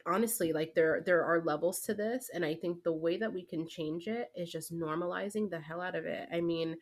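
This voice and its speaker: A woman's voice: fairly low pitch, fairly quick. A young woman, a teacher and guest, talking in casual conversation and often filling with "like" and "right?". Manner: animated, heavy fillers like "like" and "right?".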